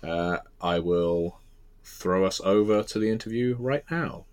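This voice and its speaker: A man with a Southern English accent hosts a casual podcast. His voice sits low, and he talks in a rambling, self-deprecating way, with plenty of "uh" and restarts. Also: a little slow, darkish tone, smooth. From England. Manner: chatty, self-deprecating, many filler restarts. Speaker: podcast host and interviewer.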